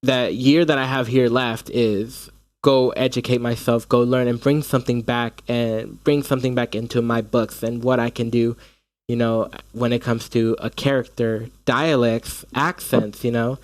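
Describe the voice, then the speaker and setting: A young man, a stage actor from the United States, chatting in an interview with animated storytelling and frequent restarts. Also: medium pitch, moderate pace, dry recording. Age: young adult. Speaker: actor guest. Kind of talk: casual interview chat.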